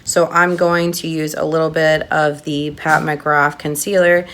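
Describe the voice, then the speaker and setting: Excitable woman doing makeup. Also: sits low, measured pace, a little hiss or hum. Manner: gushing, excitable, chatty with viewers. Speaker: makeup artist doing a tutorial. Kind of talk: casual makeup tutorial.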